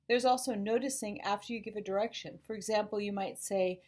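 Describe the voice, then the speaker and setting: A woman school psychologist calmly explaining parenting ideas to parents, modeling gentle phrases to say to children. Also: medium pitch, a little fast. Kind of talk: informational talk to parents.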